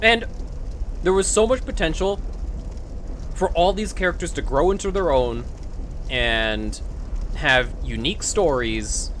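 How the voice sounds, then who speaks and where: A young adult streamer ranting casually while playing a video game, swearing freely and breaking into loud bursts of laughter. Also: medium pitch, unhurried, pauses often, slight background noise. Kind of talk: casual rant while gaming.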